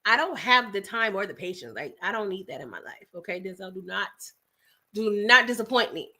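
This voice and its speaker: Bright-voiced chatty woman livestreaming. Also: medium pitch, a little fast. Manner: chatty, animated, uses "child" and "y'all". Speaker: livestream host. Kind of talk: casual chat with live viewers.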